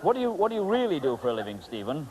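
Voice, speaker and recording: Joking stage magician, lively pitch. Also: male voice, rapid-fire, heavy background noise. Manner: joking, rambling, teasing, full of ums. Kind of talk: comic stage patter with volunteers.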